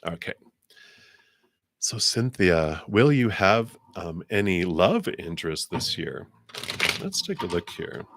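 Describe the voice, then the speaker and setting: A man's voice: very animated, slow, long pauses, a bit bright. A man doing a live tarot card reading, chatty and laughing often. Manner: chatty, laughs often, voices guides with sassy high "girl".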